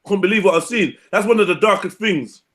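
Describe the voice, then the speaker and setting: A man's voice: sits high, a little fast, fairly bright tone, a little hiss or hum. A young man, bantering crudely and animatedly, swearing and laughing often on a stream. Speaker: stream co-host.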